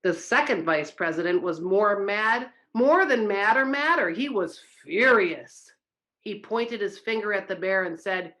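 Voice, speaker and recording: A woman reading a children's story aloud at a church service, expressive and engaging her listeners. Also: medium pitch, measured pace.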